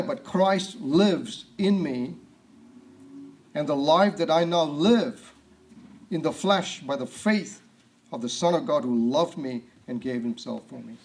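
A man preaching a sermon, reading scripture aloud, asking rhetorical questions and often clearing his throat. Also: on the high side, a little mellow.

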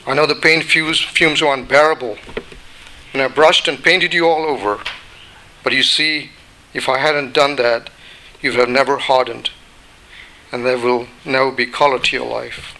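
Brief: steady, patient potter from a parable, read by a man, bright voice. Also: mid-range voice, moderate pace, pauses often, slight background noise, rough recording. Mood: calm. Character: patient old master potter, calm and firm.

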